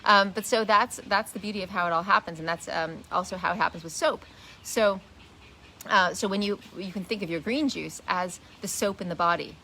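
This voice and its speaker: A woman's voice: mid-range voice, fairly quick, pushed and bright, a little hiss or hum. A woman teaching a wellness class in a casual live talk, earnest, often restarting and repeating words as she explains. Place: indoors, shifting light.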